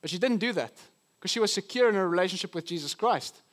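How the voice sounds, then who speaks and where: High-voiced male pastor preaching. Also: lively intonation. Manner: earnest, teaching, often slows for emphasis. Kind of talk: sermon. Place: church.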